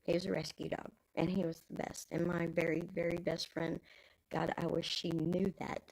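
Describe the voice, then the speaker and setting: A woman's voice: fairly low pitch, little pitch movement, normal speed, creaky, a little mellow, rough recording. A Texan woman in her fifties with grandkids, rambling casually in folksy talk as a live stream host. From Texas.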